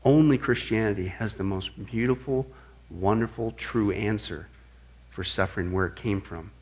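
Delivering a sermon-style apologetics lesson at normal speed, this pastor stays animated, going quiet and low as he tells stories and getting loud whenever he quotes someone.

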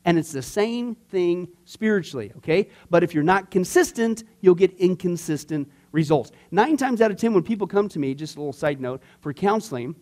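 High voiced pastor guy teaching a church class, rambles with asides, talky and animated.

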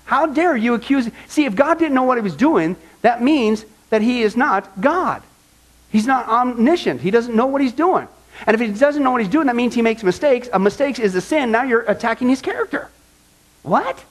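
A man delivers an animated sermon as pastor and acts out the whining voices of the people he quotes. His voice sits high for a man, and he keeps asking his listeners pointed rhetorical questions. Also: fairly quick, low-quality recording.

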